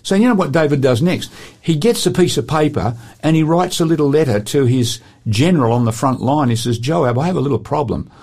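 A man, presenting a talk show and telling Bible stories with lively quoted voices. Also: fairly high pitch, fairly quick, few pauses. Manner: animated storyteller acting out quotes.

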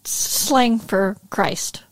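A woman's voice: mid-range voice, extremely slow, no room sound. A woman, the show's radio producer, chiming in with wry, matter-of-fact remarks. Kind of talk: casual radio chat.

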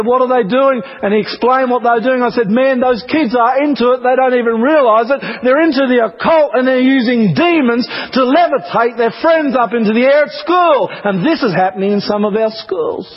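A man's voice: sits high, husky. A man preaching an impassioned, emphatic sermon in a church, repeating words for emphasis. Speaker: pastor. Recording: dull lo-fi broadcast recording.

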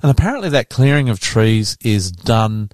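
A man's voice: lowish voice, very animated, darkish tone, no room sound. Dry-humored Australian man co-hosting. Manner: dry teasing, reads lists out quickly. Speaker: co-host. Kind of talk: casual chat.

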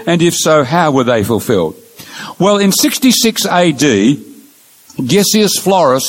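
A man with a fairly high voice delivers a Bible lecture, moving through numbered points as he points out pictures on his slides. He speaks in a measured, earnest way and leans on key words for emphasis. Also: poor audio. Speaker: Bible teacher.

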